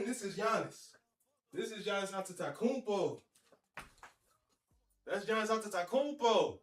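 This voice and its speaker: Guy ripping game packs, slow drawl but his voice jumps all over, laughing, cussing, begging the cards. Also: high voice, a little hiss or hum. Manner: excitable, laughing, slangy and profane. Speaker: gaming video creator. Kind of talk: pack-opening commentary.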